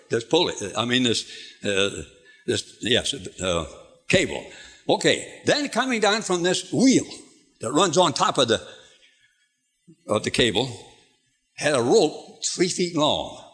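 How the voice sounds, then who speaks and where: An older man preaching a folksy radio sermon, animated, often repeating himself and asking his listeners questions. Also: fairly high pitch, measured pace, husky.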